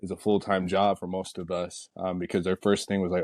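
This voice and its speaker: Deep, mellow-voiced man talking casually. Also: a little fast, few pauses, dry recording, studio quality. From United States. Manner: relaxed, rambling storytelling with many fillers. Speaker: Olympic sprinter guest. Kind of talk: casual interview talk.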